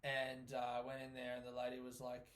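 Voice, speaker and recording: A man, a comedian, talking through a casual solo podcast monologue in an animated, sweary way, often laughing. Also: mid-range voice, fairly quick. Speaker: stand-up comedian hosting his own podcast.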